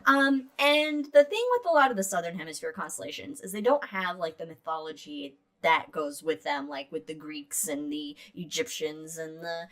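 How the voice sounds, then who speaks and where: A woman's voice: deep voice, moderate pace, few pauses, a bit bright. A woman co-hosting a podcast in casual chat, rambling and playful, with some swearing. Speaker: podcast co-host.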